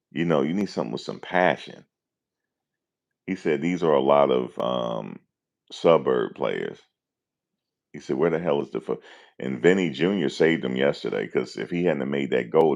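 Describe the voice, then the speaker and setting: A man, talking casually and deadpan to his viewers, musing and repeating himself in slangy speech. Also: a bass voice, normal speed, gravelly, lo-fi sound. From New Jersey, USA. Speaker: vlogger. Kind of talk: casual rambling monologue.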